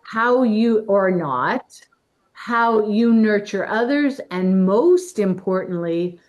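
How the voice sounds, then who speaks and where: A woman presenting an energy-healing workshop demonstration in an indoor event room, gently encouraging and guiding a participant. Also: mid-range voice, animated, slow, lo-fi sound.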